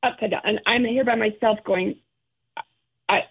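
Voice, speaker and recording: A middle-aged woman, a guest, telling an emotional personal story in halting, restarting speech. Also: on the high side, fairly even intonation, a little hiss or hum. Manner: halting, restarts often, acts out quoted relatives. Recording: phone-like narrow sound.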